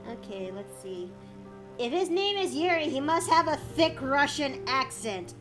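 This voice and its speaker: A woman's voice: high-pitched, expressive, unhurried, music in the background. A young woman streaming while she draws, chatting casually with her chat and thinking aloud. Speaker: streamer and artist.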